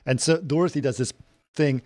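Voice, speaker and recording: A man's voice: on the high side, a little fast, darkish tone, dry recording. A man co-hosting a casual film podcast, recapping the plot step by step and often agreeing with his partner. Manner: plot recaps with fillers and restarts, frequent agreeing "right". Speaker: podcast co-host.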